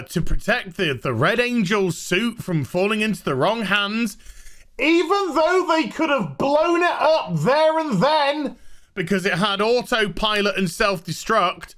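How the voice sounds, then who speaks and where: A man rants through a TV episode review, exasperated and sarcastic. He talks slowly and drags out his words, and his pitch swings widely whenever he gets worked up. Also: fairly bright tone. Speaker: TV show reviewer. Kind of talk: ranting review vlog.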